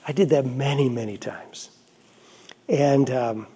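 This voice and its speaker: A Catholic priest, a middle-aged man, telling a personal story in a homily in an earnest, reflective way with quiet asides. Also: medium pitch, takes it slowly, long pauses, slightly rough.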